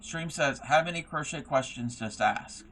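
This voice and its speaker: A man's voice: a little high, moderate pace, sharp tone, a little hiss or hum. A young man hosting a casual craft livestream, reading chat messages aloud and rambling with lots of fillers and restarts.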